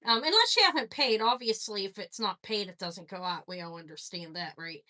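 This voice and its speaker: A woman's voice: medium pitch, animated, brisk, bright, forceful tone. A woman hosting a live jewelry sale stream, chatting casually and rambling as she greets viewers by name.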